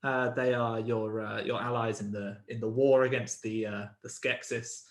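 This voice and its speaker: A man narrates a tabletop game as its game master, feeling his way through each sentence. He pauses and restarts often, filling gaps with ums. His voice sits at an ordinary middle pitch for a man. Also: little pitch movement, roomy sound. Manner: hesitant, full of ums and restarts.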